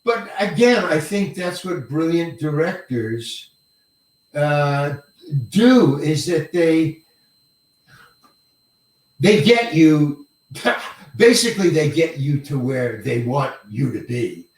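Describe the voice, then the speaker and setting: An older man, a working actor, telling stories in an interview in an animated way, acting out the lines of others and swearing casually. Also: fairly high pitch, slow pace, long pauses. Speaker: actor guest. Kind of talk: storytelling interview. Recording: echoey room, mic far off.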